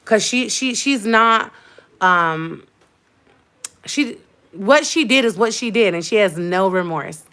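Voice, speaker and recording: A woman's voice: medium pitch, animated, slow pace, pauses often, a bit bright. A young adult woman vlogger in a casual livestream chat, telling a heated story with emphatic repetition.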